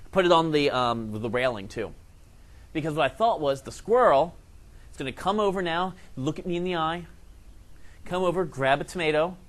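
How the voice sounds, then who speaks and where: A man teaching a science lesson, telling a comic story in an animated way with acted-out quotes. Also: a little high.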